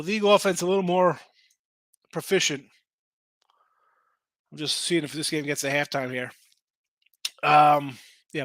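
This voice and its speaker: A man hosts a live sports betting show, sounding worn out and losing his voice as he chats casually about point spreads and replies to viewers in the chat. His voice sits a little high, pushed and bright, with no room sound.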